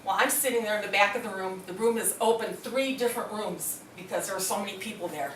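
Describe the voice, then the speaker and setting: Middle-aged woman, animated storyteller, recorded from afar in a roomy hall. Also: mid-range voice, fast, a little hiss or hum. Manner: animated, acts out quoted voices. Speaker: speaker at a hospital presentation. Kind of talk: storytelling to an audience. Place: hospital meeting room. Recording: echoey room, mic from a distance.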